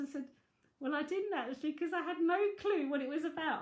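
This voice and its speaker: A woman's voice: high voice, fast, echoey room. A middle-aged woman, a psychic tarot reader, chatting frankly and laughing often as she answers viewers. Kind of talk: casual livestream chat.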